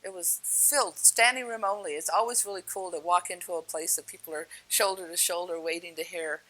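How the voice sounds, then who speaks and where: A woman telling personal stories in a casual, animated way, laughing often and acting out the dialogue. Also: fairly low pitch, fairly quick, low-quality recording. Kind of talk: casual spoken storytelling.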